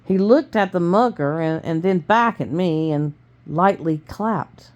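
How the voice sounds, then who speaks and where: Woman reading a story aloud, low-voiced. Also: measured pace, dull audio. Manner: steady with small stumbles. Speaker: reader.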